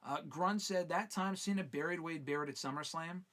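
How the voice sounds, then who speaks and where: A man's voice: fairly high pitch, normal speed, a bit bright. A man hosting a live fan-question show in casual, swearing chat, reading viewer questions aloud and answering them.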